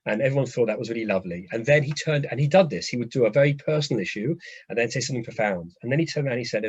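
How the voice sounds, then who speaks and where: A man, a rabbi lecturing a class, telling lively anecdotes and often restarting his phrases. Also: mid-range voice, racing, slightly rough, no echo. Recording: dull, dry lo-fi audio.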